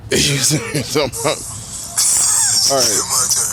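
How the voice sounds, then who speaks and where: A man's voice: medium pitch, steady tone, slow, pushed and bright, a little hiss or hum. A man giving blunt, heavily profane, unscripted reaction commentary while live streaming about a video clip.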